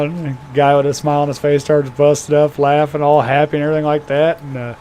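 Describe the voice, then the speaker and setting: A man casually telling a bar joke on a live game stream, laid-back and drawn out, with pauses. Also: on the high side, fairly even intonation.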